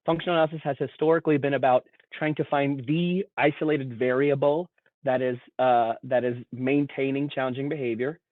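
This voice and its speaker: A man's voice: medium pitch, steady tone, a little fast, no room sound. A man presenting as a behavior analyst, earnestly walking listeners through a case and often repeating words as he starts a thought. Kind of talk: explanatory presentation. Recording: dry, tinny phone-like line.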